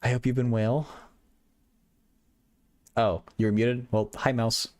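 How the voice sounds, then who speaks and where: A man's voice: mid-range voice, level tone, slow pace, a little mellow, dry recording. A young man hosting a livestream, chatting casually with viewers, stuttering and repeating words, from a small apartment bedroom. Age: young adult. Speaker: livestream host.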